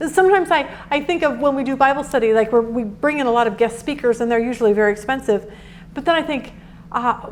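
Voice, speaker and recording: Animated woman teaching a Bible devotional. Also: a little high, fast talker, slight background noise. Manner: earnest, animated, acts out quotes.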